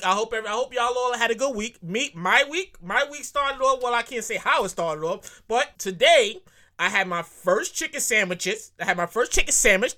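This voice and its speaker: A man hosting his own podcast in a casual, comedic monologue, repeating himself, swearing freely and breaking into high squeals of delight. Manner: animated, repetitive, profane, bursts into high squeals. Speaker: podcast host.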